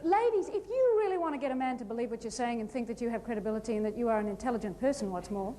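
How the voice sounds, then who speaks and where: A woman giving a humorous keynote talk on stage, animated and playful, acting out little scenes. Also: fairly high pitch, rapid-fire, a little hiss or hum. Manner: lively, animated, playful storytelling with acted-out asides. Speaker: motivational speaker. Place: large hall before a live audience.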